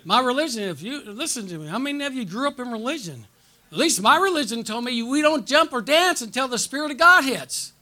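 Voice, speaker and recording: A pastor preaching a conference sermon, telling stories and drawing call-and-response from the congregation with frequent "okay?" and "amen?" checks. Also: male voice, extremely high pitch, lively intonation, a little fast, sharp tone. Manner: storytelling with audience call-and-response.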